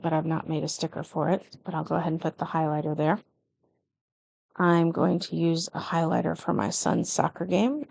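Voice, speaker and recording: With a fairly low pitch, vocal fry and a darkish tone, this middle-aged woman narrates her plan-with-me vlog casually. She's somewhat nervous and often corrects herself, and the audio has no echo.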